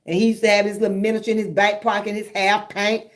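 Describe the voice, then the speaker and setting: A woman's voice: medium pitch, fast talker. A woman, chatting casually with live viewers and telling stories with lots of laughter. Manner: lively storytelling, laughing often, drawling Southern speech. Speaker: livestream host.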